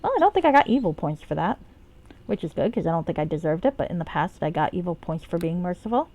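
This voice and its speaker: A woman's voice: fairly low pitch, very animated, fast, darkish tone. A woman streaming a game, chatting casually and rambling, swearing freely and joking about herself. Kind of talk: casual live-stream commentary.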